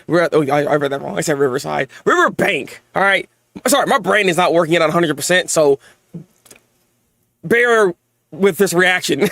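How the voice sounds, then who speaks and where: Excitable high-voiced young man reacting. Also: moderate pace, creaky, no echo. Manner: excitable, stammering repeats, frequent laughter. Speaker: manga reaction host. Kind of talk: live manga reaction and review.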